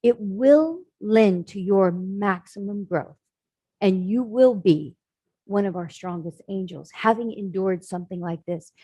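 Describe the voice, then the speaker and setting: Mellow husky woman telling a story. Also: mid-range voice, unhurried, no room sound, poor audio. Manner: dramatic storyteller voicing characters. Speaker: spiritual speaker. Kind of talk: storytelling sermon.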